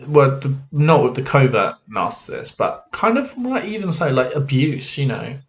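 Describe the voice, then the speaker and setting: A man talking candidly to camera as a mental health vlogger, frank and halting, with many fillers. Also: mid-range voice, sing-song. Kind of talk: candid personal talk to camera. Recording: dull lo-fi audio.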